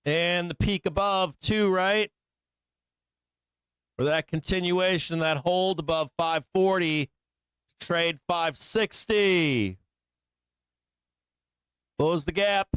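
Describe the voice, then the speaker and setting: A man walks through charts on a live trading stream, speaking loosely with slang and constant tag questions. His voice is a little high for a man, very smooth, resonant, and fairly bright, delivered slowly with frequent pauses. The recording is dry and close, with no room echo.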